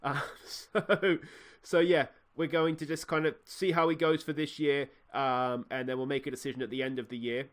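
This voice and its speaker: A man's voice: medium pitch, level tone, normal speed. An Australian man hosting a video game let's play, talking casually with lots of fillers. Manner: chatty, lots of "uh" and "mate".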